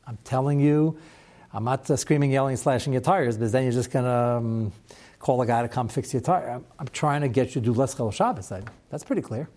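A man's voice: mid-range voice, fairly quick, darkish tone. Man teaching a conversational Torah class. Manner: conversational, rhetorical questions and wry asides.

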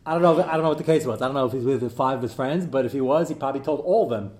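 A man's voice: medium pitch, very fast. Joking middle-aged man lecturing in a roomy hall. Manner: animated, joking, digressive, many fillers. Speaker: rabbi teaching a class. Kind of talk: live lecture to an audience.

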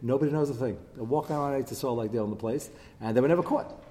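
Animated male teacher in a reverberant hall. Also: medium pitch, racing. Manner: animated, voice leaping up when quoting and chanting verses. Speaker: Bible teacher. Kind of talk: text-study class.

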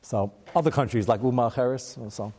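A man's voice: mid-range voice, moderate pace, a little mellow. Man teaching a text in a reverberant hall. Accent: American. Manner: chants Hebrew verses then explains in casual asides. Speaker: Torah teacher. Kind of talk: text study lesson.

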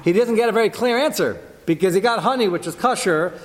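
A man giving a lively Torah class to a group, jumping his pitch up to act out quoted lines. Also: fast talker, long reverb tail.

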